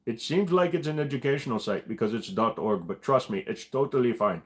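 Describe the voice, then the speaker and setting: A man's voice: mid-range voice, lively intonation, brisk, lightly acted. A man voicing a pushy male scam caller, who keeps wheedling and promising that everything is fine. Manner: wheedling, repeats "trust me".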